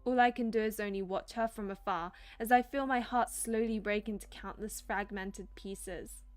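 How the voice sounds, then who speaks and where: A young woman streaming herself, reading a romance visual novel aloud and chatting excitedly between lines. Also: mid-range voice, normal speed, dry recording, soft background music. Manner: excitable, laughing asides.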